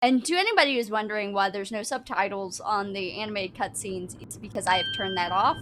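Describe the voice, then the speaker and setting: A woman's voice: mid-range voice, fairly quick, fairly bright tone, a little hiss or hum. A woman streamer giving casual gameplay commentary, enthusiastic and chatty, stumbling over her words. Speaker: video game streamer. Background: game music.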